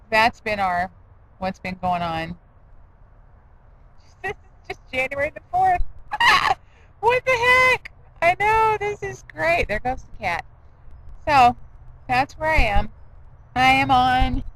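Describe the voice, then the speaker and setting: A woman's voice: a little high, rough recording. A middle-aged woman rambling in a casual vlog, self-deprecating with laughing asides. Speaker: diet vlogger.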